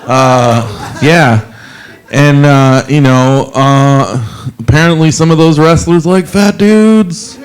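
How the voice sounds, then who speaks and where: A man's voice: fairly high pitch, slow. A man in his forties working a comedy club stage, telling his set in a loose, rambling way. He runs his bits down with self-deprecating asides and trips over fillers as he goes, speaking into a handheld mic. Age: 40s. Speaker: stand-up comedian.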